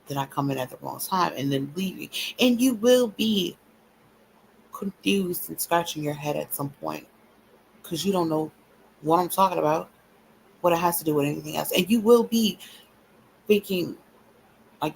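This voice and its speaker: A woman's voice: lowish voice, lively intonation, moderate pace, vocal fry, long pauses, a little hiss or hum, low-quality recording. A woman hosting a livestream, ranting bluntly and profanely at her viewers in a taunting, repetitive cadence. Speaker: livestream host.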